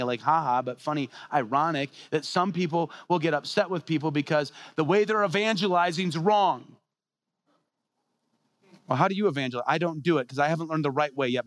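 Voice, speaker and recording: A man's voice: fairly high pitch, dry recording. A man preaching a sermon as a pastor, conversational and full of rhetorical questions.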